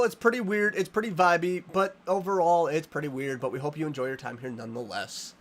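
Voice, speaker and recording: Animated man streaming a horror game. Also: a little high, fairly quick, hardly any pauses. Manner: animated, playfully dramatic, reading and answering chat. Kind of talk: live game stream chatting with chat.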